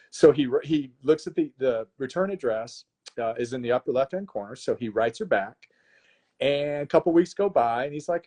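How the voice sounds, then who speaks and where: A man's voice: medium pitch, moderate pace. A man, a guest author on a live stream, casually retells a plot with lots of restarts. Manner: animated storyteller, frequent restarts.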